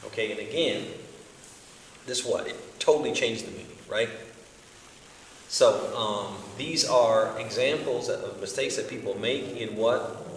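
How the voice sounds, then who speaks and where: A man's voice: mid-range voice, measured pace, noisy background. Man, religious studies teacher, evening lesson, checks in with listeners often, distant voice, long hall reverb. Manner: explanatory, with repeated rhetorical checks to the audience. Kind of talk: evening study circle lesson. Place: large community center hall. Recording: echoey hall, voice from far off.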